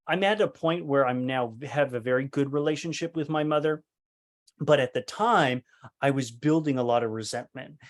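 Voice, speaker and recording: A man giving a leadership training talk, telling a personal story earnestly, with many restarts and acted-out quotes. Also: mid-range voice. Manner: earnest, full of restarts, acts out quoted voices.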